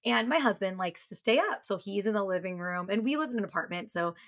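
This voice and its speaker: Chatty young woman telling funny stories. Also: fast. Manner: animated storyteller, acts out quotes in a high squeal. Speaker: podcast co-host. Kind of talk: casual chat.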